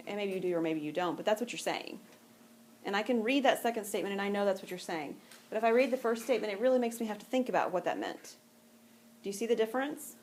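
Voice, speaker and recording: A woman's voice: mid-range voice, animated, fast, a little hiss or hum. A woman teaching math to a class, talking patiently and conversationally and often checking that students follow. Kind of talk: classroom lecture.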